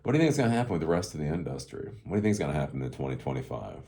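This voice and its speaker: A middle-aged man with a notably low voice hosts a casual solo commentary. He rambles in loose, sarcastic asides and breaks into chuckles often. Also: very animated, very fast, mellow. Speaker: tech commentary host.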